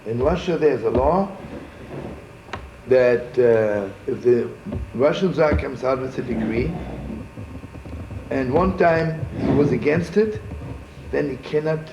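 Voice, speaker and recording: Rabbi storyteller, gravelly and rambling, with Yiddish asides; muffled, echoey archival room tape. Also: male voice, mid-range voice, animated, slow, long pauses, background noise. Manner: folksy, digressive, with frequent "right?" asides; sprinkles Yiddish words. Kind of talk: informal storytelling talk.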